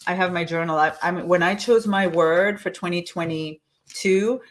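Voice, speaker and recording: A woman leading a live online coaching session, encouraging listeners and reciting affirmations slowly and deliberately. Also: on the low side. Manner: encouraging, with frequent restarts.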